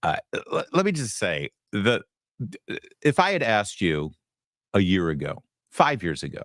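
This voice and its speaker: Sarcastic low-voiced male host. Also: huge pitch swings, moderate pace, fairly bright tone, no room sound, studio quality. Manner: sarcastic, mocking, emphatic. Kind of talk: opinionated commentary.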